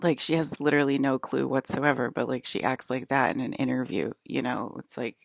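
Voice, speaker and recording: A woman's voice: a bass voice, steady tone, brisk, vocal fry, dry recording, studio quality. A woman in a casual, rambling vlog monologue, ranting with exasperation and filling her talk with "like" and restarts. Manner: filler-heavy, frequent "like", restarts. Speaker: vlogger.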